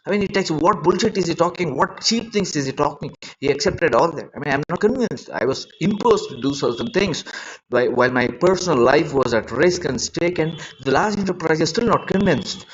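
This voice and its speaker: Man, fairly high voice, distressed rambling live-stream rant recorded on a dull lo-fi phone mic. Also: breathy edge. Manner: rambling, repetitive, agitated and emotional. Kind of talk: unscripted live-stream monologue.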